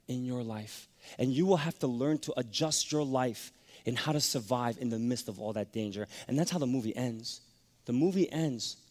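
A man preaching a sermon, telling a personal story that swings from hushed to loud. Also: medium pitch. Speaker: pastor. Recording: long hall reverb.

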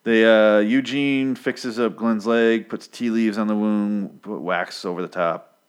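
A man's voice: on the low side, steady tone, unhurried, clean tone. A man casually recapping a comic story in a profane, sarcastic way. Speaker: podcast host recapping a comic. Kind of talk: casual chat.

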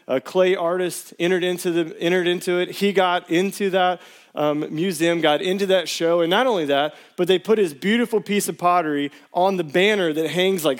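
A man in his thirties preaching a sermon to his church, telling personal stories in a casual, animated way. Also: sits high. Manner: storytelling, animated, casual slang. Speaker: pastor.

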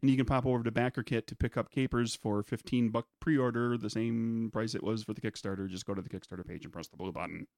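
A man co-hosting a podcast in casual chat, rambling in quick bursts and laughing often. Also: mid-range voice, fairly even intonation, darkish tone. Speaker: podcast co-host.

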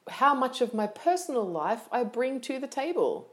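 Lively woman hosting a podcast. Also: on the high side. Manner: lively, animated, quick asides and self-corrections. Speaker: podcast host and yoga teacher. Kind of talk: solo podcast talk.

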